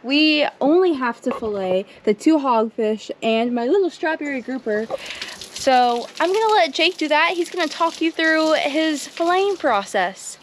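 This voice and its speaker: A woman vlogging in a casual, excitable way, talking to viewers from a small boat. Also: sits high, measured pace. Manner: upbeat, excitable. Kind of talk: casual vlog narration. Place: small boat on the sea, outdoors. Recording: outdoors on a boat, noisy wind and water.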